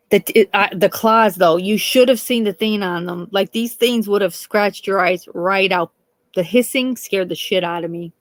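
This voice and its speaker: A woman's voice: medium pitch, no room sound. A middle-aged woman telling a long, chatty story on a live stream, swearing and laughing, and acting out the people she quotes. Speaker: host.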